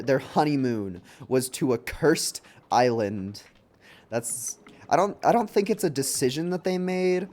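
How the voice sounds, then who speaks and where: A man's voice: medium pitch, a little mellow. A young man giving casual, chatty live commentary while playing a video game, laughing often and slipping into silly voices. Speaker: streamer. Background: faint game music.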